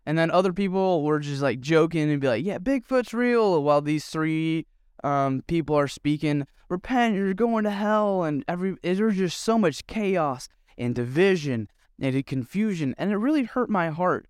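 A man's voice: fairly high pitch, animated, normal speed, clear, resonant tone, dry recording, studio quality. Earnest young man telling a story. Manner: earnest, rambling with fillers. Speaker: youth pastor. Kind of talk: casual storytelling vlog.

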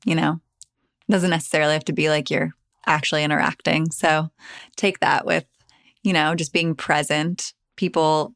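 A woman's voice: sits low, gravelly, a bit bright, no echo, clean studio sound. A woman hosting a podcast, chatting casually and supportively with her guest. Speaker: podcast host. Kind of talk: casual interview chat.

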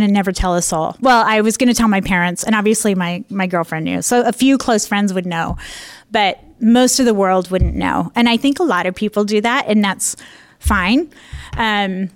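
A woman's voice: on the high side, clear, resonant tone, no echo. A young adult woman telling a personal story to an audience, candid, with frequent laughs and fillers. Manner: candid, laughs often, many fillers and restarts. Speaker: speaker sharing a personal testimony. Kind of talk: personal storytelling talk with slides.

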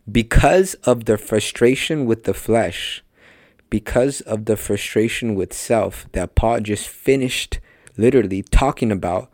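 A man's voice: fairly low pitch, a little mellow, no echo, studio quality. A man teaching a conversational sermon on a podcast, emphatic and speaking straight to his listeners. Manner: emphatic, talks directly to listeners. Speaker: podcast preacher.

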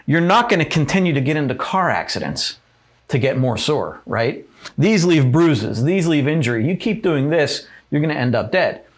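A man's voice: a little high, big pitch swings, moderate pace, slightly rough. A man giving an informal lesson while writing on a board, talking in a casual, rambling way with many fillers and tag questions. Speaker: teacher. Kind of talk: informal talk on growth and pain, writing on a board.

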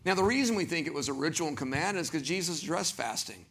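A Southern pastor preaches with animated energy, slipping into little voices for the people he quotes. His voice sits high for a man and carries a gravelly edge. The tone is bright and forceful, pushing every line out to the congregation. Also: quick pace, hardly any pauses. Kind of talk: sermon.

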